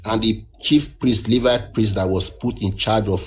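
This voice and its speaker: A man's voice: lowish voice, fairly even intonation, moderate pace, a little hiss or hum. A man from Nigeria, earnestly explaining as a guest in a casual discussion, often restarting his sentences. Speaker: guest caller.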